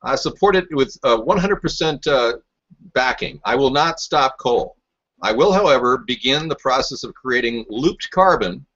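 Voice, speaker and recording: A man with a husky, slightly rough voice rants about politics and jabs back at chat viewers with mockery and sarcasm. His pitch sits in an ordinary middle range for a man. The sound is dull and lo-fi, like a cheap webcast mic. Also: fairly bright tone. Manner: combative, mocking, sarcastic. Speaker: talk show host. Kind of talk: rambling political talk, answering live chat.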